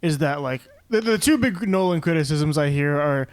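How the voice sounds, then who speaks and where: A young podcast co-host talks loosely and jokingly, wandering from one thought to the next. His voice sits higher than most men's. The recording is dry and close. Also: animated, moderate pace, clear, resonant tone, no echo. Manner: rambling, joking. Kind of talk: casual podcast chat.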